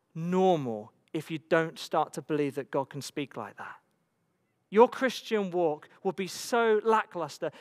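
A very high-pitched, slightly bright male voice carries through a church hall, where long reverb trails each phrase. The English pastor preaches emphatically, repeating himself and posing rhetorical questions.

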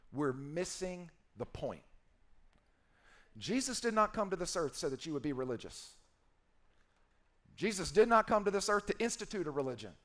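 A man's voice: sits high, fairly bright tone. A man preaching a sermon as a pastor, playful and emphatic, acting out quoted voices and repeating key phrases.

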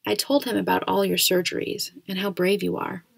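A woman voicing a caring, practical mother in a storybook reading, gentle and reassuring. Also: medium pitch, flat delivery, a little fast, gravelly, slightly rough, dry recording.

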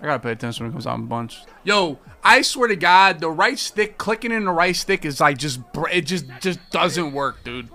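A man's voice: on the high side, sing-song, brisk, hardly any pauses, bright, forceful tone. A young man giving live, trash-talking commentary on his football video game, full of slang and sudden outbursts. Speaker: gaming streamer.

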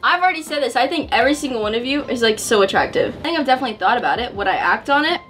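Giggly high-voiced young woman. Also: expressive, very fast, fairly bright tone, soft background music. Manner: giggly, teasing. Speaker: guest in a challenge video. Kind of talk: casual chat.

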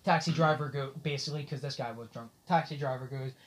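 A young man, hosting a podcast and telling a profane, lively story in casual chat. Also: mid-range voice, fast talker. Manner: profane, lively anecdote-telling with frequent laughs. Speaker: podcast host.

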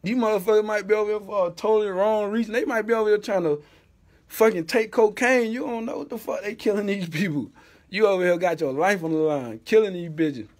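Middle-aged florida dude hosting a podcast, highish voice, loud n laughing, cussing a lot. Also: male voice, brisk. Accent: Southern US, Central Florida. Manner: loud, laughing, profane storytelling. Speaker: podcast host. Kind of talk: casual podcast banter.

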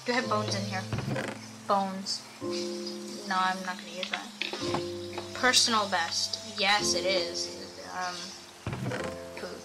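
A woman's voice: medium pitch, fairly even intonation, slow, pauses often, over loud music, poor audio. A young woman streaming a video game, chatting to her viewers and thinking aloud as she plays. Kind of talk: casual gameplay commentary. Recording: audible background noise.

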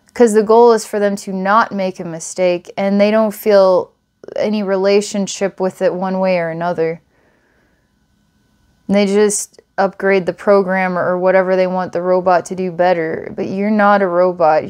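A woman giving a channeled psychic reading, rambling and giggling often, then dropping to a soft, hushed tone. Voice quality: giggly, rambling, frequent laughs and restarts. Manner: lively and emotional, softens to a hushed low tone. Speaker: psychic reader.

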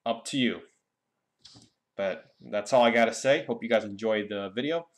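A man's voice: lowish voice, normal speed. A young man giving a casual, rambling game guide with many fillers and restarts. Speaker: gaming YouTuber.

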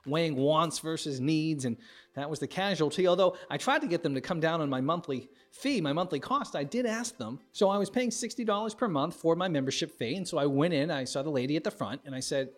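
Middle-aged man doing animated stand-up. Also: brisk. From United States. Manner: animated, acts out characters with big pitch jumps. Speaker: stand-up comedian. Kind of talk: observational stand-up monologue.

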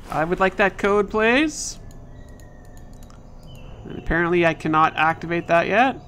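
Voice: medium pitch, measured pace, pauses often, a bit bright, slight background noise. A gamer playfully commenting on a puzzle game while playing, chatting to the characters on screen. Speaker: let's play gamer. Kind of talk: casual gameplay commentary. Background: faint game music.

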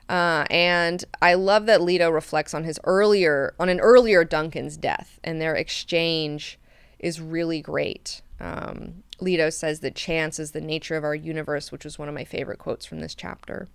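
A woman hosting an online book club, recapping chapters in an animated, enthusiastic way and swearing freely. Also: low voice, creaky, clear, resonant tone, dry recording, studio quality. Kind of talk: casual book discussion.

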